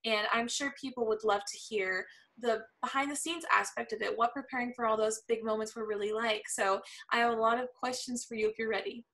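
A woman's voice: on the high side, steady tone, brisk, hardly any pauses, a bit bright, low-quality recording. A teenage woman from Florida hosting an interview chat, gushing and chatty with lots of fillers. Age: teens. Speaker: podcast host.

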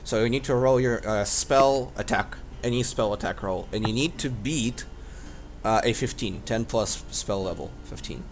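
A man acting as dungeon master, explaining rules with frequent pauses and restarts. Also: fairly low pitch, noisy background. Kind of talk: running a tabletop game.

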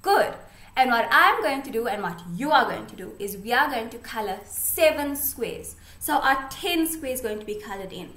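A woman's voice: fairly high pitch, lively intonation, moderate pace, a bit bright. Sing-song teacher woman in an echoey room. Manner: patient, sing-song, asks and answers simple questions. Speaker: grade one teacher. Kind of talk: home lesson for young children.

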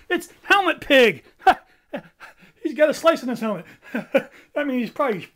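Brief: woman playing a cocky cartoon bird boss, shrieky and giggly, lively swoops, slow delivery. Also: fairly low pitch, heavily acted. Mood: giddy boasting. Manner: loud, giggly, squealing. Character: boastful excitable bird leader, male. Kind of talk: toy play-acting with voices.

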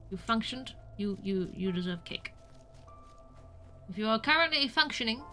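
High, bright-voiced woman streamer. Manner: chatty and self-mocking, with squeals when attacked. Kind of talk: casual gameplay commentary.

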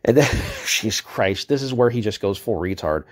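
A man's voice: lowish voice, animated, moderate pace. A man ranting in a commentary video, exasperated and sarcastic and swearing freely as he picks apart a chat exchange.

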